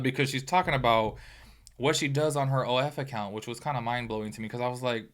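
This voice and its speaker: A man's voice: mid-range voice, fast, a bit bright. A man hosting a gossip commentary video, talking animatedly with exclamations and apologetic asides to his viewers. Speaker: commentary YouTuber host.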